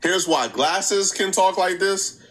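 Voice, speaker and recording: A man hosting a reaction channel, giving casual, animated commentary, laughing easily and repeating points for emphasis. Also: high-pitched, takes it slowly, rough recording.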